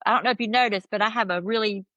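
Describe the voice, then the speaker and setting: A woman's voice: mid-range voice, rapid-fire, dry recording, lo-fi sound. A woman from South Carolina with a strong Southern accent, a podcast guest telling stories in casual chat and acting out what people said. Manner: animated storyteller, acts out quotes.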